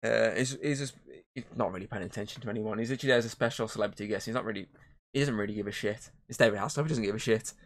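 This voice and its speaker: His voice fairly low, this podcast co-host races through a casual chat. He retells movie scenes in a rambling, profanity-laced way, voicing the characters as he goes.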